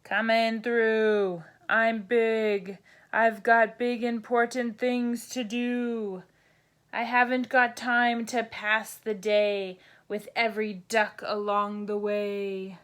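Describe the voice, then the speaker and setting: A woman voicing a big, boastful male dump truck in a storybook read-aloud, speaking loud and pompous. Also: fairly high pitch, little pitch movement, slow pace, clear, resonant tone.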